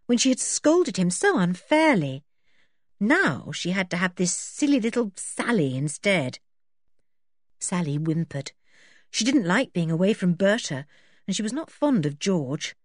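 Lively, husky-voiced woman reading a storybook. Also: fairly low pitch, dry recording, studio quality. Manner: expressive reading with character voices. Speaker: audiobook reader. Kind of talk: storybook narration.

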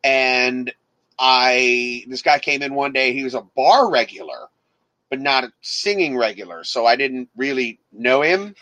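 A man with a Southern accent, co-hosting a casual livecast and telling stories in a lively, profane way, acting out the people in them. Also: medium pitch, measured pace, rough recording. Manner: profane, animated storyteller who jumps into acted voices. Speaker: livecast co-host and former DJ. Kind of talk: casual chat and storytelling.

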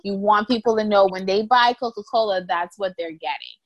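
Animated woman lawyer telling stories. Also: mid-range voice, a little fast, no echo, highs cut off. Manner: animated storyteller, acts out quoted voices with laughter. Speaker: guest, intellectual property lawyer. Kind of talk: casual podcast interview.

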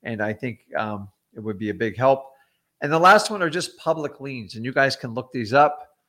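A man's voice: mid-range voice, lively intonation, moderate pace, a bit bright. Blunt, chatty middle-aged man teaching. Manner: blunt, chatty, with frequent ums and asides. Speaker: real estate investor teaching wholesaling. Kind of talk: casual livestream teaching.

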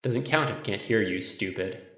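A man's voice: normal speed, sharp tone, echoey room, muffled recording. A man doing a weary, brooding engineer. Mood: brooding, muttering. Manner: muttering, low, self-mocking.

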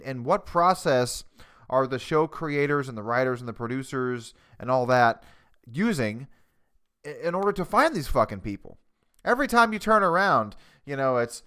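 Smooth-voiced man ranting on a basement podcast. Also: mid-range voice, fairly bright tone. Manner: profane, rambling, self-mocking. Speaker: podcast host. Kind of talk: casual rambling podcast chat. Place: home basement. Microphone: cheap desktop USB mic.

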